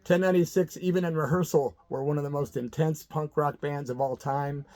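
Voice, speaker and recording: A middle-aged man from the American Midwest tells an old story in a loose, rambling way, full of fillers and asides. His voice sits a little higher than most men's. He talks casually, straight to his viewers. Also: steady tone, a little fast, a little mellow. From Midwestern United States. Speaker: channel host.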